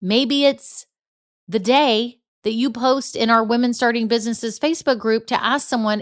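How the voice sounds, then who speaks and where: Southern lady from texas hosting her podcast, chatty and encouraging, says y'all a lot, middle-aged. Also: on the high side. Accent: Southern American. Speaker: podcast host. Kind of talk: motivational solo podcast talk.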